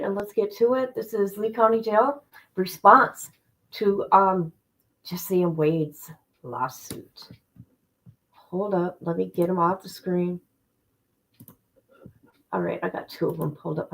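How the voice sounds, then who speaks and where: A woman's voice: mid-range voice, steady tone, measured pace, gravelly, long pauses, low-quality recording. A woman hosting a casual livestream, greeting her chat and reading legal documents aloud with offhand asides. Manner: chatty, reads legal text aloud with asides. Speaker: livestream host.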